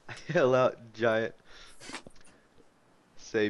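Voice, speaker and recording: A man's voice: mid-range voice, steady tone, takes it slowly, lo-fi sound. A man playing a tabletop game, cracking jokes in character. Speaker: player.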